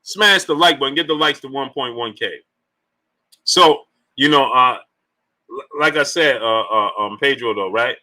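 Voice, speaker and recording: A man hosts a boxing live stream in easy, bantering talk, greeting viewers one after another and pushing for likes. His voice is strikingly bright and cutting, sitting at an ordinary middle pitch. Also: unhurried, rough recording. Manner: shouts out chat viewers and keeps urging likes; loose, laughing, joking banter. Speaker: boxing livestream host. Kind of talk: casual live-stream chat.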